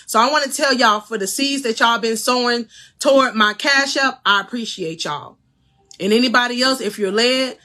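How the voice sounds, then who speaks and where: A woman hosting a faith-based motivational livestream as a life coach. She preaches fervently and speaks directly to her viewers, breaking into laughs between phrases. Her voice sits a little high and rings bright and forceful.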